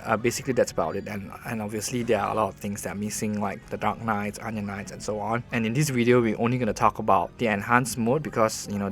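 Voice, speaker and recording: A man voicing a game review as host, earnest and conversational, often restarting his sentences. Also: fairly low pitch.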